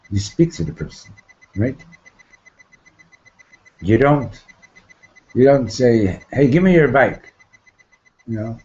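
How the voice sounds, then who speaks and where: A man's voice: mid-range voice, warm tone, highs cut off. A man giving an informal Torah class. He often repeats himself, asks "right?" and mixes in Hebrew terms that he then translates. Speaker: Torah teacher.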